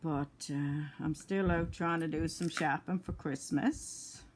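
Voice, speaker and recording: An older woman talks her viewers through a craft project at home. She speaks slowly and a little low, sounding tired between yawns. Her talk is chatty and rambling, and she is picked up by a phone camera. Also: fairly even intonation, slight background noise. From Newfoundland, Canada. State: tired, yawning. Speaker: crafting vlogger. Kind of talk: casual chat while crafting.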